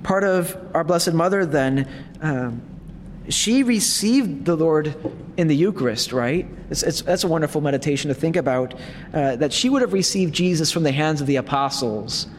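A priest gives a retreat talk in a conversational, animated way at normal speed, dropping warmly humorous asides. His voice is a little high for a man. A long, large-hall reverb and slight background noise fill the recording.

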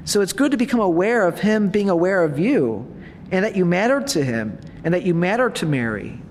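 A man preaching at a retreat in a conversational manner, with warm humor in his asides. His voice sits a little high for a man. The sound carries a long reverb, as in a large hall. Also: big pitch swings, a little fast, a little hiss or hum. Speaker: priest. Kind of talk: retreat talk.

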